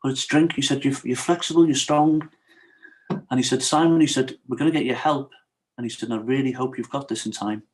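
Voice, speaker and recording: A man's voice: mid-range voice, fairly even intonation, fairly quick. A middle-aged man, a podcast guest telling his own hard story frankly and with feeling, often checking in with "you know what I mean?". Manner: frank and emotional, retells what others said to him. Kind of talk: candid personal storytelling in an interview.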